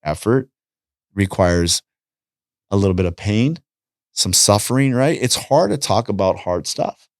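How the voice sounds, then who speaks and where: A man's voice: fairly low pitch, measured pace, long pauses, no echo, clean studio sound. A middle-aged man chatting as a podcast guest, telling stories with lots of energy and acting out the dialogue. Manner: animated storytelling, acts out dialogue. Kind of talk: casual chat.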